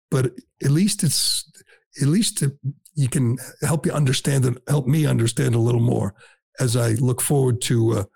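A man's voice: mid-range voice, vocal fry, darkish tone, breathy edge, no echo. A man hosting a talk radio show, delivering blunt, sarcastic, combative commentary.

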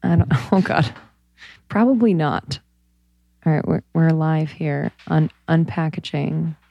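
A woman's voice: low-pitched, unhurried, gravelly, warm tone, dry recording. A woman in her thirties co-hosting a podcast, chatting casually in a gushing, giggly way. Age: 30s. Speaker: podcast co-host. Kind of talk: casual chat.

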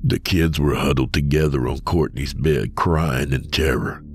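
A man narrating a first-person horror story in a calm, measured way. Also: very deep voice. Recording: soft music under voice.

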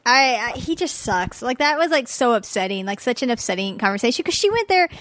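A woman podcast guest speaking in casual chat, indignant and halting with repeated fillers. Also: on the high side, very animated, fairly bright tone, dry recording, studio quality.

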